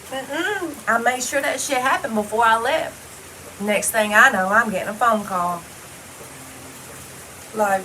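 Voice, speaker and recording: A woman's voice: fairly high pitch, fairly bright tone, a little hiss or hum, low-quality recording. A woman talking straight to the camera in a casual personal monologue, blunt and heavily profane, rambling loosely from one thought to the next. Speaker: vlogger.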